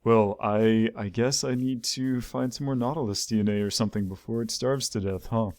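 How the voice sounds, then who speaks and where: A man's voice: medium pitch, fairly even intonation, moderate pace, darkish tone, no echo. A man hosting a gaming video, talking through his play in rambling commentary and often repeating words as he thinks aloud.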